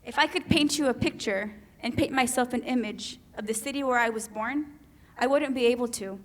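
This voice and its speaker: Woman from Mexico, keynote speaker, slightly high voice, measured and lyrical poetic delivery. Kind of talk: poetic spoken presentation. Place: conference hall.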